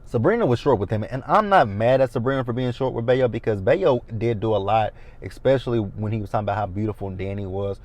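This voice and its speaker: A man's voice: lowish voice, fast, few pauses, a little mellow. A man in his thirties recapping a TV episode in a casual, blunt and opinionated way. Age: 30s. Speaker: TV recap host.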